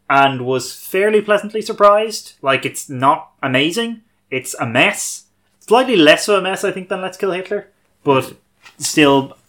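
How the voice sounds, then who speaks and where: A man with a bright, clear-edged voice at an ordinary pitch talks through a TV episode. He is wry and thoughtful, often stopping to rephrase himself in casual podcast chat. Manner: thoughtful, self-correcting, wry. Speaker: podcast host.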